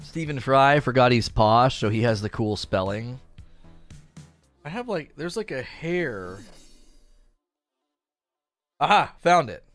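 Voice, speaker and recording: A man chatting casually on a livestream, rambling and animated as he reads chat aloud. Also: medium pitch, slow pace, pauses often, soft background music. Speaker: streamer reading chat.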